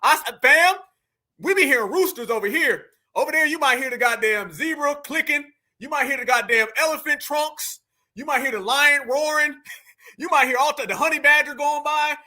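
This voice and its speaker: A man with a strikingly high, bright and cutting voice talks to his livestream audience. He mocks and teases in a loose, joking commentary style. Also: normal speed. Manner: mocking, teasing, addresses chat directly. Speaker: livestream host. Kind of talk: casual reaction commentary.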